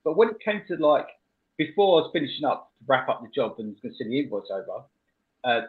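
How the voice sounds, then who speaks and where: A man hosting a radio show, telling a story in an animated, laughing way with plenty of restarts. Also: medium pitch, quick pace. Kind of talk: casual radio banter. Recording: muffled lo-fi audio.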